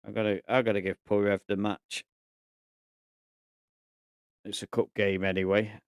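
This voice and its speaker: Low-voiced man thinking aloud. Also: moderate pace, clear, resonant tone, no echo, studio quality. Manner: thinking aloud, relaxed and chatty. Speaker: gaming YouTuber. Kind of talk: casual game commentary.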